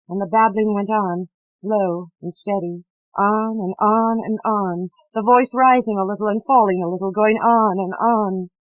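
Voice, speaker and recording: Woman, audiobook narrator, literary reading, measured, dramatic, hushed passages, dry recording. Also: medium pitch, fairly even intonation, no room sound, poor audio.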